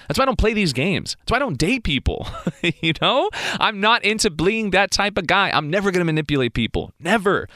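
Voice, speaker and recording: A man's voice: fairly high pitch, fairly bright tone, no room sound, clean studio sound. Fired-up, preachy man giving advice. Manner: fired-up, preachy, laughs often. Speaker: vlogger giving life advice. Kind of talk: motivational monologue.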